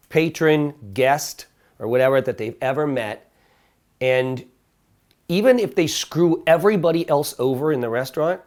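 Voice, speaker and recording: A middle-aged man leads a casual coaching session and tells stories with real swing in his voice. He slips into higher, exaggerated voices to act out the people in his stories. His pitch sits in the middle of the male range. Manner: animated storyteller acting out quoted dialogue in higher voices. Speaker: dating coach. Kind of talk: casual coaching talk to a small group.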